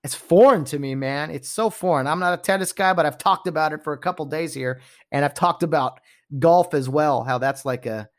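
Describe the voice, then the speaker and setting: A man's voice: a little high, brisk. A man hosting a podcast, ranting casually about sports and acting out quotes in mock voices and whispers. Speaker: podcast host.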